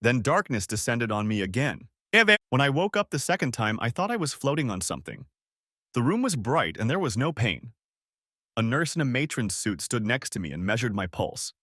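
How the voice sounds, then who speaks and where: A man reading a first-person story aloud in a dramatic, expressive way. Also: medium pitch, normal speed, no room sound, clean studio sound. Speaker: story narrator.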